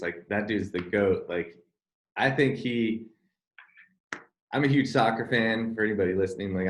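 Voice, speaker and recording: A young man speaks as a podcast guest, relaxed and easygoing with casual swearing. His voice sits fairly low, and the recording carries a roomy echo. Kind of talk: casual chat.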